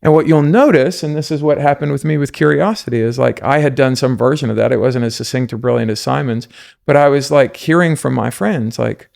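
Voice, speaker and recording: Brief: South African-born male guest, earnest coaching tone, gravelly mid-pitched voice. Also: a little fast, a little mellow. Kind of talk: casual podcast conversation.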